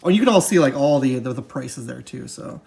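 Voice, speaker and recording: A person casually presenting a board game unboxing, talking in a chatty, halting way that keeps correcting itself, and sounding upbeat and easily delighted. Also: medium pitch, lively intonation, creaky, a little mellow.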